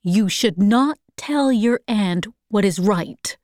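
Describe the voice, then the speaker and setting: A fussy, meddling aunt, read by a woman scolds slowly and reproachfully. The sound is close and dry, the pace unhurried, in a storybook reading. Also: medium pitch, animated, a little mellow, dry recording.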